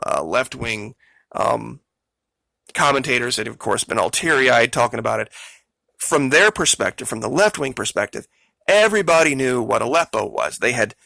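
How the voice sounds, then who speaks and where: Guy ranting politics on his channel, gravelly voice, kinda sharp, talks right at the viewers. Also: mid-range voice, dry recording, poor audio. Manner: emphatic, argumentative, addresses viewers directly. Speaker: political commentary channel host. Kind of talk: casual political commentary monologue.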